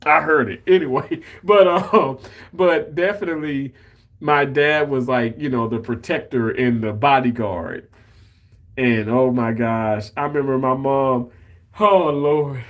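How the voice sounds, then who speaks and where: A man's voice: medium pitch, unhurried. A man from Mississippi, hosting a livestream in a chatty, emotional and effusive way. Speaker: livestream host. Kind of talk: casual chat.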